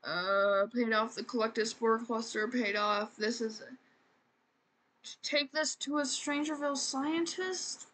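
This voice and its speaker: A woman's voice: fairly high pitch, slow pace, fairly bright tone, slightly rough. A woman streamer giving casual, chatty, self-deprecating commentary while she plays a life-sim game. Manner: chatty, self-deprecating, says "man" and "frickin'" a lot.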